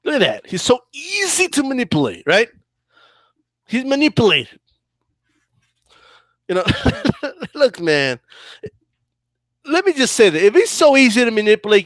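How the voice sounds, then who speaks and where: A man's voice: high voice, big pitch swings, moderate pace, a bit bright, no echo. A man with a combative, profane style, ranting heatedly as he reacts to a clip in boxing commentary.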